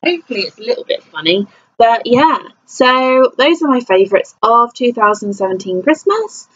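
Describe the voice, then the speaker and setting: A woman's voice: fairly high pitch, big pitch swings, moderate pace, fairly bright tone, dull audio. A tired young woman from England chatting to camera in a rambling, self-deprecating vlog. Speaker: vlogger. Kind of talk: casual chat to camera.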